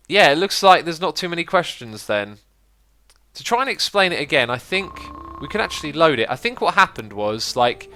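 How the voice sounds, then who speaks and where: A man hosting a gaming livestream in a casual, chatty way, reading viewer messages aloud and thinking out loud as he explains. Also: medium pitch, clear, resonant tone. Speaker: livestream host.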